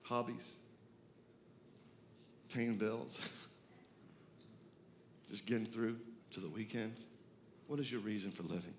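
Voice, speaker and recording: A man, preaching a sermon, moving from hushed reflection to loud, excited declarations. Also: fairly low pitch, takes it slowly, pauses often, a little hiss or hum. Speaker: pastor.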